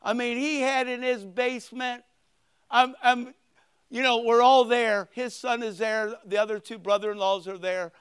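High-voiced older preaching man. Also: normal speed, clean tone. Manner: animated preaching, swinging between loud emphatic lines and quiet asides. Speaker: pastor. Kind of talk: sermon.

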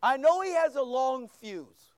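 A man's voice: very high voice, a little slow, no room sound, studio quality. A man preaching a sermon, reading scripture and acting out voices as he goes. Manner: animated preaching, acts out quoted voices. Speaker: pastor.

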